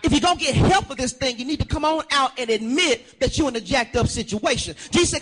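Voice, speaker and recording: A male pastor preaching a sermon, calling for a witness and swinging into shouted, sung phrases. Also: extremely high pitch, expressive, fast, breathy edge.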